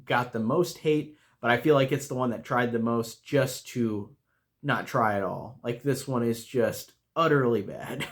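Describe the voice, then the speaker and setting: Young male reviewer, mid-range voice, loose unscripted chat full of fillers. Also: medium pitch. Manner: rambling, many fillers and restarts. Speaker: movie reviewer. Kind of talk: casual rambling review.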